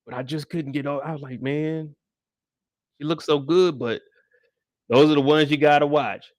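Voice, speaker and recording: Animated slangy man recapping a show. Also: a little high, normal speed, dry recording. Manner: animated, slangy, profane banter. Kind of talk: casual live after-show recap.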